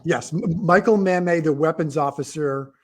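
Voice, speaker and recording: Middle-aged guy rambling thru a story on a livestream, kinda high voice, keeps restarting. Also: normal speed. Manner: rambling, self-interrupting storyteller. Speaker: author guest. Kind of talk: casual livestream chat.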